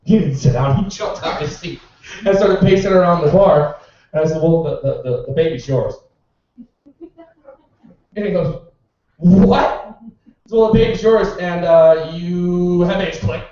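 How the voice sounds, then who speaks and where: This open-mic comic speaks at a moderate pace in a high, somewhat mellow voice, riffing sarcastically and with swearing about his bar customers. The bar room echoes, and the mic sits far off with a dull sound.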